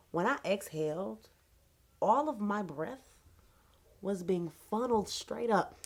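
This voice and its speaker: A young adult woman, telling a casual, animated, slangy storytime on her vlog. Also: mid-range voice, takes it slowly, pauses often. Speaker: vlogger.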